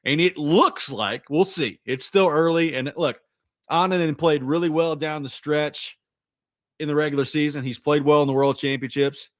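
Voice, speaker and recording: A man's voice: fairly high pitch, moderate pace, no room sound, studio quality. A man co-hosting a sports talk radio show, arguing his points in casual chat with plenty of restarts and "you know"s. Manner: thinking aloud, stacked restarts, argumentative.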